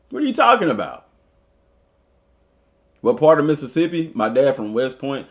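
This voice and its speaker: This man speaks in a mid-range voice at a moderate pace, leaving long pauses. A Southern US school football coach and streamer, he reads an article live and banters with viewers between passages, animated and joking throughout.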